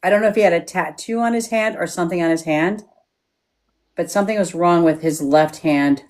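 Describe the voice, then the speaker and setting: A woman's voice: lowish voice, brisk, darkish tone. A woman working as a psychic medium on a live stream, frank and checking in with yes-or-no questions.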